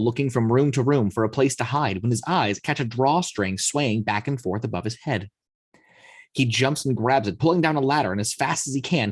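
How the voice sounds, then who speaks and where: A man narrating the action lines of a screenplay read-through in a steady storytelling manner. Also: mid-range voice, no echo. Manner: steady storytelling, occasional slips. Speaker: narrator reading action description.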